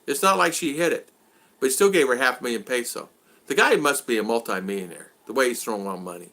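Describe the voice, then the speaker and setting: A man's voice: medium pitch, quick pace. An older man hosting a casual video chat, telling stories and acting out exasperated quotes. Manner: animated, acts out exasperated quotes. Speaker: vlog host.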